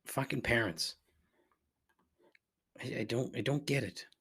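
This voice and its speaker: A middle-aged man hosting a podcast, rambling through a profane rant that climbs in pitch when he gets riled. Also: unhurried, fairly bright tone, breathy edge. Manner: rambling and repetitive, swears freely, rises in pitch when riled. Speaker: podcast host. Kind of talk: casual profane ranting monologue.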